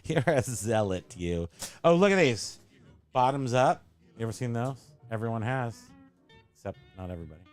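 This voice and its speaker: A man's voice: mid-range voice, lively intonation, moderate pace, faint music behind. Rambling, jokey man hosting casual chat. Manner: rambling, jokey, self-correcting. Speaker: host. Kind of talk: casual show-and-tell chat.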